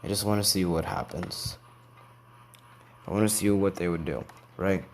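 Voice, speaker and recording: Guy doing a big hero talking quiet and low, keeping it chill. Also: moderate pace, slight background noise, close to an everyday voice. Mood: low-key.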